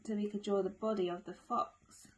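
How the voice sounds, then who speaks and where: A woman teaching young children, drawing and retelling a story in a gentle sing-song way with many tag questions. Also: medium pitch, steady tone, normal speed, low-quality recording. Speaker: nursery teacher.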